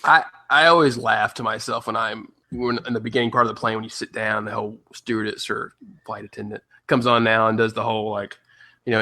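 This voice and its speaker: A man's voice: on the low side, steady tone, fairly quick, bright, forceful tone. A man from Tennessee, a podcast co-host, telling stories and ranting in a casual chat, swearing freely.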